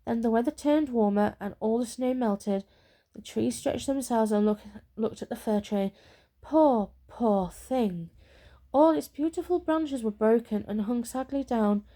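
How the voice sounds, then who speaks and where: Soothing soft-spoken ASMR reader, woman, mellow, gentle bedtime-story delivery. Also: fairly high pitch. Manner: slow and soothing.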